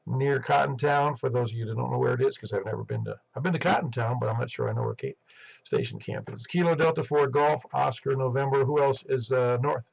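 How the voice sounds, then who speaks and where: A man runs a casual ham radio net from behind his headset. His voice is gravelly and husky, and he talks quickly, rambling with plenty of restarts. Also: medium pitch, expressive, rough recording. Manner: rambling, chatty, self-interrupting.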